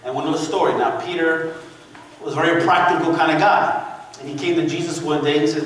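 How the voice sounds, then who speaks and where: A man preaching a sermon to a congregation in a church, telling a story with lively calls for the listeners to answer back. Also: on the high side, brisk, slight background noise. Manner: animated storytelling with call-and-response to the congregation. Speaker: pastor. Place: church sanctuary. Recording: echoey church hall from far off.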